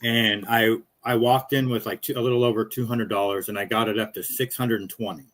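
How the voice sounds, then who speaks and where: Easygoing low-voiced man chatting. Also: steady tone, brisk, a bit bright. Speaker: podcast host. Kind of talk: casual chat.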